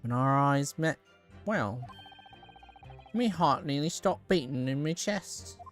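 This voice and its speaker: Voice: mid-range voice, animated, slow, soft background music. A streamer reading the lines of a chatty, evasive male witness in a put-on Irish brogue that slips. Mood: rambling. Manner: attempted Irish brogue, soon dropped. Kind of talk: game dialogue read aloud.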